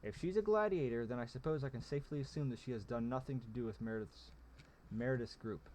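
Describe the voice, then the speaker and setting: Shrewd male goblin general, read by a man, measured and calculating, storybook read-aloud. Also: mid-range voice, darkish tone, a little hiss or hum, natural voice. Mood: scheming.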